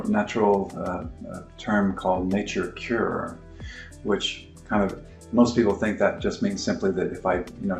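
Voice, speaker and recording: A middle-aged man explaining his clinic's approach in a halting, informal way, full of fillers and restarts. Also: fairly low pitch, a little mellow. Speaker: naturopathic clinic practitioner. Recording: roomy echo with faint music.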